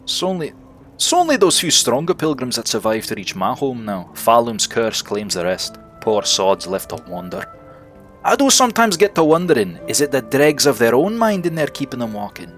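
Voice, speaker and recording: A man's voice: mid-range voice, very animated, moderate pace, fairly bright tone. A folksy old bug innkeeper from a video game, chatty and rustic, saying aye and ain't as a man reads him aloud. His voice rises and falls a lot. Faint game music plays underneath.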